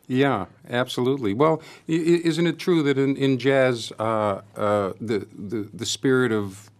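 An older man with a Boston accent, a jazz pianist talking casually in an interview, halting with many restarts. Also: mid-range voice. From Massachusetts, US. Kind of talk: casual conversation.

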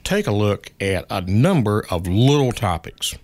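A middle-aged man giving wry, unhurried political commentary as a regular guest on a radio show. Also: on the low side, sing-song, a little mellow. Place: radio studio.

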